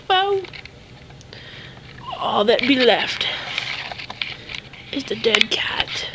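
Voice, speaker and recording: A woman's voice: fairly high pitch, very animated, drawn-out words, pauses often, muffled recording. A woman filming her pets at home, joking around in mock-pirate slang and teasing the animals. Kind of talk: playful home video commentary. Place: at home indoors. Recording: noisy home camcorder audio.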